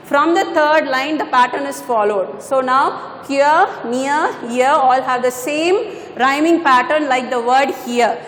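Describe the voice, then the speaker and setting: A woman's voice: high voice, fairly bright tone, a little hiss or hum. A woman teaching a poetry lesson, patiently repeating points and correcting herself as she goes. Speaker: English teacher. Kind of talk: classroom lecture on poetry. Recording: echoey room with long reverb.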